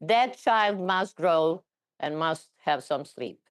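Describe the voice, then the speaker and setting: A middle-aged woman telling her personal story in a conversational talk, often halting and repeating words. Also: low-pitched, expressive.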